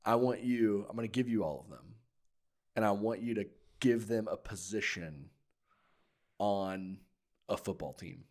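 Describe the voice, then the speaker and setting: A man's voice: on the low side, measured pace, pauses often, darkish tone. A man hosting a church podcast in casual chat, playful and chatty, often restarting his sentences. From Ohio. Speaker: podcast host.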